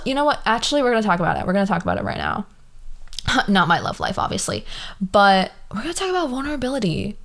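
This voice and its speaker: Chatty tired young woman podcasting solo. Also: mid-range voice. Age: 20s. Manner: chatty, lots of "like", animated quoted voices. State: tired, yawning. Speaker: podcast host. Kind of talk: casual solo podcast monologue.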